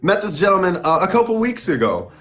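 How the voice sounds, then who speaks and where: A man's voice: high voice, very animated, fast, fairly bright tone. A man hosting a live-stream interview show, talking in an enthusiastic, chatty way and laughing easily. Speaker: host.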